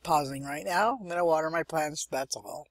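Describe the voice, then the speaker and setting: A young woman hosts a let's-play for her gaming channel, chatting and thinking aloud with muttered asides as she plays. Her voice is low and her speed normal, with no room sound.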